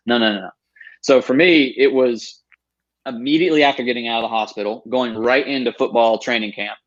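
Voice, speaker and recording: A man's voice: medium pitch, steady tone, fast talker, muffled recording. A man in his thirties, a guest on an interview show, telling his story earnestly and with emphasis. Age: 30s.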